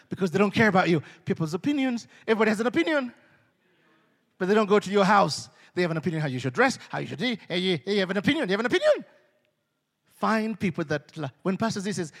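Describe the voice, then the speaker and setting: A man preaching a sermon, animated, acting out voices and swinging between hushed and loud. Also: sits high, a little fast, long pauses. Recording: long hall reverb.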